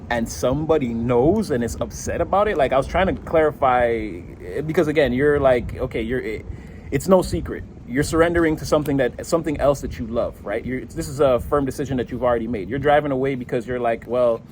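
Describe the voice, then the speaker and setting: A man's voice: medium pitch, fairly quick, a little mellow, slight background noise, low-quality recording. A man giving a casual tarot reading, chatty, laughing often and swearing now and then. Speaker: tarot reader.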